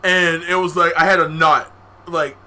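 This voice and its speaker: A young man with a high, very bright voice tells a story on a casual podcast. He talks in an animated way, full of profane slang, and laughs often. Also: normal speed, slight background noise. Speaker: podcast co-host.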